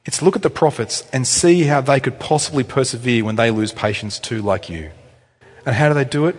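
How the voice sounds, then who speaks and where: Lively, animated male preacher in an echoey hall. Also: mid-range voice, brisk, slight background noise. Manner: animated storytelling, conversational asides. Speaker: pastor. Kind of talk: sermon. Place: church.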